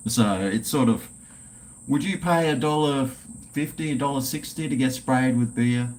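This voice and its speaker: A man's voice: medium pitch, normal speed, darkish tone, slight background noise. A man hosting a casual livestream chat, laid-back and swearing freely while drinking. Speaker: livestream host.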